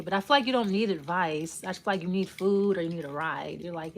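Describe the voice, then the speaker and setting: A woman's voice: mid-range voice, fairly quick, few pauses, a little hiss or hum. A woman giving a casual tarot reading, rambling and intuitive, often trailing off and starting her thoughts over. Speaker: tarot reader.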